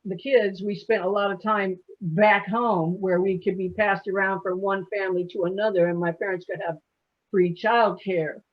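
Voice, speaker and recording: A poet in her sixties from Alabama, speaking as an interview guest, tells chatty, folksy stories and laughs often. Her voice is medium-pitched and steady at a moderate pace, captured in muffled lo-fi audio.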